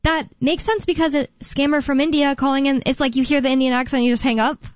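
A woman's voice: high-pitched, fairly even intonation, quick pace, dry recording, lo-fi sound. Young woman rambling on talk radio. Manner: rambling, filler-heavy, self-correcting. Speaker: radio co-host. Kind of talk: casual talk radio chat.

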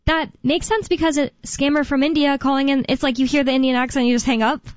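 Woman radio host, fairly high voice, chatty and rambling, dry dull studio sound. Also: fairly even intonation, quick pace, no room sound. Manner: chatty, rambling, with fillers and laughs. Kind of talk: casual talk radio chat.

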